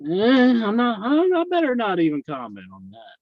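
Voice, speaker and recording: A man's voice: high voice, huge pitch swings, normal speed, dry recording. A man co-hosting a podcast in casual chat, giving dry, wisecracking replies. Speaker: podcast co-host. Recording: slightly dull dry sound.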